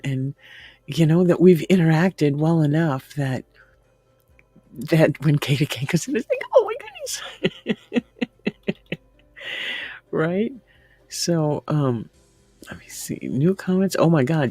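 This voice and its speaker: Her voice is low and mellow as she casually chats with viewers on her livestream, going through their comments. Frequent laughter breaks in, along with the occasional whisper. The dry recording comes from a room at home with the window open.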